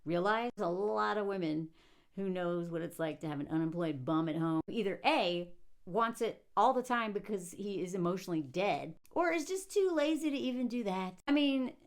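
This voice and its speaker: A young woman giving casual, sarcastic commentary on a film, animated and acting out quotes. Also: medium pitch, normal speed. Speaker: movie commentator.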